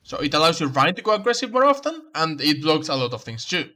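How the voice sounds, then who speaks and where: A man reviews a player's match as a coach, talking through tactics and saying the key points more than once. His voice is fairly high and very bright. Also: very animated, fast talker. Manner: instructive, repeats key advice. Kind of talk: coaching commentary over gameplay.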